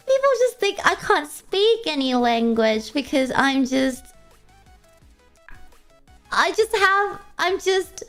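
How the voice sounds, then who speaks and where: A woman's voice: high-pitched, sing-song, slow, long pauses, faint music behind. A young woman streamer chatting casually, telling a rambling story with lots of fillers. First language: English. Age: young adult. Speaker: vtuber streamer. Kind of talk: casual chat.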